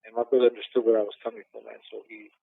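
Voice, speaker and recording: A man, a former boxer and cornerman, telling stories in a casual interview with heavy swearing and animated quoted voices. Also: fairly low pitch, rapid-fire, gravelly, husky, no echo. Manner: profane, animated storyteller acting out quotes. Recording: dry, phone-like audio.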